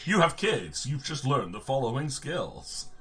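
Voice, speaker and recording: A man's voice: medium pitch, very animated, unhurried. A man in casual chat during an online game, tossing in dry joking asides. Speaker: tabletop game player. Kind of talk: casual chat with quick jokes. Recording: noisy voice chat line.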